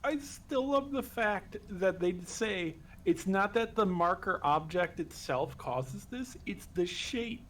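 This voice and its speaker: Wry man with a higher voice. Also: animated, slow, few pauses, fairly bright tone, slight background noise. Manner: wry, joking asides. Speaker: co-host chatting with the streamer. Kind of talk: casual chat.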